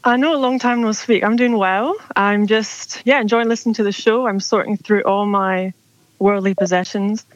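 A woman calls in to a radio show and rambles happily, full of fillers. Her voice comes through a dull, dry phone line, with a middling pitch. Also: steady tone, normal speed, dry recording. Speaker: caller. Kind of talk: casual phone chat.

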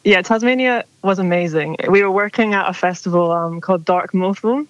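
A young woman rings in to a radio show and rambles on easily, dropping "like" into almost every sentence. She comes through a dull, muffled phone line with no room sound, and her voice sits at a middling pitch. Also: fairly quick, no room sound. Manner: rambling, lots of "like". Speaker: caller. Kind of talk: casual phone chat.

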